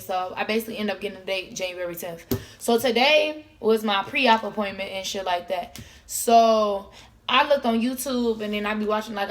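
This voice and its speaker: A woman's voice: medium pitch, slight background noise. A young woman, telling a long story in a casual, profane, slangy vlog and acting out the conversations. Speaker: vlogger.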